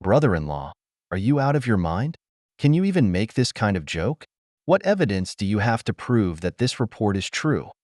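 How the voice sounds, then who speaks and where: A man doing a shifty brother-in-law in an audio story, loud and defensive while faking calm. The reading is animated and dry. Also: fairly low pitch, moderate pace, no room sound. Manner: shouting, feigning calm.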